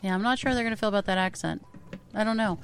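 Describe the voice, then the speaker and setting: A woman's voice: mid-range voice, rapid-fire, clean tone. A woman co-hosting a radio music show, chatting in a gushing, enthusiastic and teasing way. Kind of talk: casual on-air music chat.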